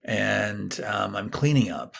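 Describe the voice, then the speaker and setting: A middle-aged therapist appearing as a podcast guest tells a personal story in an animated way, acting out the lines people said. His voice is on the low side and slow, with vocal fry, and there's a little hiss or hum in the recording.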